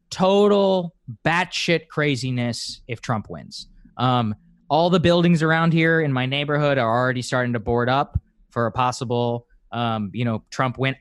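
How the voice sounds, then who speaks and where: A man's voice: mid-range voice, unhurried, clear, resonant tone, dry recording. Guy ranting about politics, blunt and emphatic, dry close sound. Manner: emphatic, blunt, gets animated. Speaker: political commentator guest. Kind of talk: casual political discussion.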